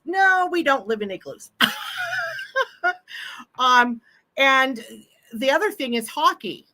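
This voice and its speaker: A middle-aged woman from Washington State with a Pacific Northwest accent hosts a livestream, chatting casually and laughing often. Her high voice has lively intonation and a bright, forceful tone, delivered unhurriedly with long pauses.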